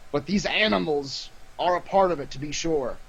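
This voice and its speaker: A man's voice: fairly high pitch, normal speed, creaky, fairly bright tone, husky, low-quality recording. A man playing a tabletop game in character, giving stern, formal commands. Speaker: player.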